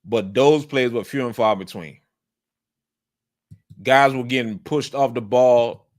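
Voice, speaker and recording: A man's voice: medium pitch, measured pace, long pauses. Emphatic man breaking down game film. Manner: repetitive, emphatic, coaching tone, breaks into animated outbursts. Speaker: football film analyst.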